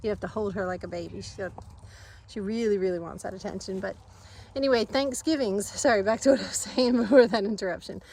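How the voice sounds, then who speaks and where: Woman in her 30s, chatty farm vlogger, rambling outdoor talk, quick to laugh. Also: mid-range voice, darkish tone, slightly rough, poor audio. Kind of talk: casual chat to camera. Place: outdoors in a garden yard.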